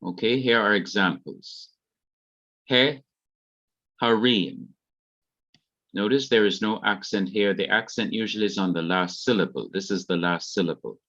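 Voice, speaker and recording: A Jamaican man teaches a class, walking slowly and deliberately through each grammar rule. His voice sits fairly low and comes through muffled, dull online audio. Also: fairly bright tone. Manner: slow, careful explanation of grammar rules. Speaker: Hebrew teacher. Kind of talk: online revision lecture.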